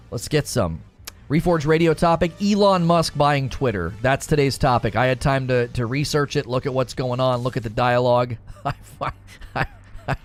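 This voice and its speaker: With a medium-pitched voice, this male streamer hosts a live gaming talk show, lively as he argues with chat and responds to it directly.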